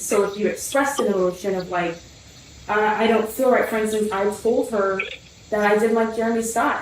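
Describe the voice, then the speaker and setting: A young woman telling a personal family story, rambling with many fillers and restarts. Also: medium pitch. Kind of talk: personal testimony. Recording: roomy, distant from the mic, faint noise.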